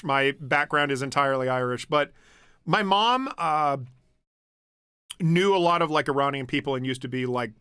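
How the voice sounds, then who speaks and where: A young American man streams from home, his voice on the high side, bright, forceful, clear and resonant, recorded studio-quality with no echo. He chats casually while reading stream comments, rambling with restarts and swearing and laughing easily.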